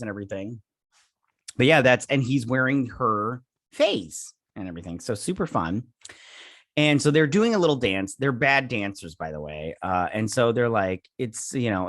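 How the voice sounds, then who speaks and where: A man recapping a TV episode in a loose, rambling way, full of "um"s, "like"s and self-corrections as he paraphrases scenes. His voice sits at an average pitch for a man. The sound is dry and close, with no room echo. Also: very animated, normal speed, fairly bright tone. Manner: sipping coffee early in the morning. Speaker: host reviewing a TV episode.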